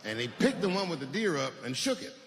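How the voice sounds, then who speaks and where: A man's voice: fairly high pitch, big pitch swings, quick pace. A man doing stand-up comedy who tells stories conversationally and acts out the other people in them. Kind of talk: stand-up storytelling. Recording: roomy venue with long reverb and noise.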